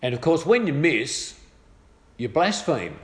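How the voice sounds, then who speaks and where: A man's voice: fairly high pitch, a little slow. Australian man telling a story in an echoey room. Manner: chatty, good-humoured, lively voiced quotes. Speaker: speaker sharing a personal testimony. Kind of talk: casual storytelling. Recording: echoey room with faint ambience.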